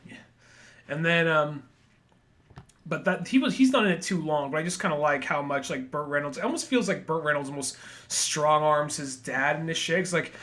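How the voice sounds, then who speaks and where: A man's voice: a little high, normal speed, fairly bright tone. A man co-hosting a casual movie review podcast, rambling and slipping into goofy character voices. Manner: rambling, acts out film characters in silly voices. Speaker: podcast co-host.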